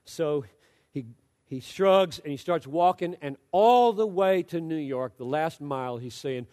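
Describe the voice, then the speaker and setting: A man's voice: expressive, a little slow. Impassioned preacher man in echoing hall. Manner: impassioned, swings from loud exhortation to low hushed storytelling. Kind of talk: sermon.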